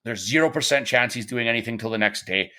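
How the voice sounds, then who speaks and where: A man's voice: mid-range voice, fast talker, sharp tone. A middle-aged man telling stories in casual podcast talk, rambling with frequent restarts and fillers, and acting out the voices of people he quotes. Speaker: podcast guest. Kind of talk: casual storytelling.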